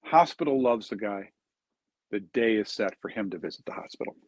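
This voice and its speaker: A man's voice: lowish voice, lively intonation, brisk, a little mellow, no room sound, dull audio. A man, a charity founder, telling an earnest story in an interview and acting out the quoted dialogue.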